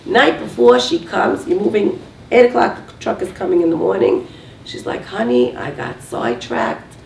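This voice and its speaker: A woman with a low, gravelly voice lectures to a live audience and keeps asking rhetorical questions. She is picked up from a distance in an echoey room, with a faint hiss underneath. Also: moderate pace. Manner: lively, asks rhetorical questions. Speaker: speaker giving a talk on relationships. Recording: roomy, distant mic, faint noise.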